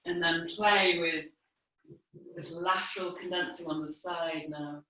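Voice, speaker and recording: Woman teaching movement in an echoey room. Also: fairly low pitch. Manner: calm, unhurried cueing while moving on the floor. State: a little out of breath from exercising. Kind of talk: guided movement class instruction. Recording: echoey room, mic far off.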